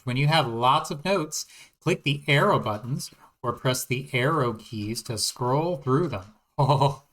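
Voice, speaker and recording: A man's voice: mid-range voice, a bit bright. A man streaming an adventure game, reading the on-screen text aloud with playful, jokey asides.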